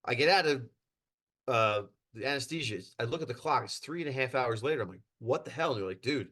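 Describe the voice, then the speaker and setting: Brief: middle-aged man, mid-pitched, animated storyteller who laughs mid-story and acts out voices. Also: quick pace. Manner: animated, laughs through his stories, acts out quotes. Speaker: podcast guest. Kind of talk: casual storytelling.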